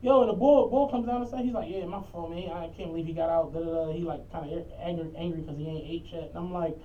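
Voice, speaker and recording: A man, a podcast co-host and bus driver, telling stories in a loud, animated, profane way. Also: a little high, quick pace, a little hiss or hum. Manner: animated, profane, acts out quotes. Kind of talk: casual storytelling chat. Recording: muffled lo-fi audio from a distant mic.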